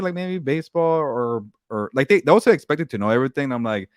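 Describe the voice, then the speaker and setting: A man co-hosting a sports podcast in casual chat, talking quickly with halting restarts and repeated words. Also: mid-range voice, animated, dry recording, clean studio sound. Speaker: podcast co-host.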